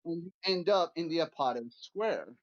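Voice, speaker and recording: A man in a casual chat who gets excitable and keeps talking over the others. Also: fairly high pitch, normal speed. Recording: dull lo-fi call audio.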